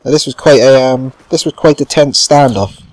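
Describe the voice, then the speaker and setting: A man's voice: medium pitch, normal speed, darkish tone, no echo. Chatty man commenting on gameplay. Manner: rambling, chatty, swears casually. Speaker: gaming channel host.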